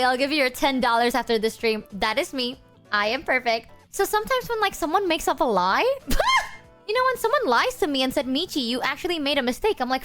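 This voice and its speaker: A woman's voice: high voice, very animated, moderate pace, a bit bright, faint music behind. A young adult woman streamer talking candidly to her chat, swearing freely and joking at her own expense. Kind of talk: casual livestream chat.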